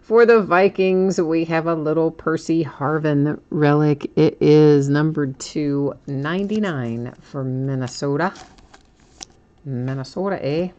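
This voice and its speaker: Low voiced lady running a live card break, chatty, laughs a lot, trips over names. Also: takes it slowly, dark tone, lo-fi sound. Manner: chatty and self-teasing, laughs often; stumbles over player names.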